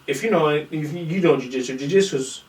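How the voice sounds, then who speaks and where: A man's voice: on the high side, brisk, a little hiss or hum. A man who trains in jiu-jitsu, telling a long story on a casual podcast. He swears freely and acts out what other people said. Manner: animated, profane storytelling that acts out quotes. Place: room in a small podcast setup. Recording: roomy echo, far from the mic.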